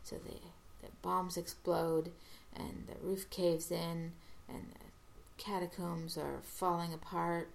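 Low gravelly woman slowly retelling a show episode, stops and restarts a lot. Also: level tone, slight background noise. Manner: halting, restarts, acts out quoted lines. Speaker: episode recapper. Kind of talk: casual episode recap.

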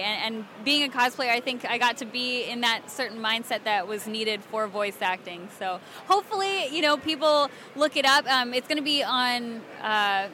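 Giggly young woman from alabama, bright tense voice, bit higher pitched, faint noise behind. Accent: Southern American. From Alabama, USA. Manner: bubbly, giggly, excitable. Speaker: cosplayer and voice actress guest. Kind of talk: convention interview chat. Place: convention floor.

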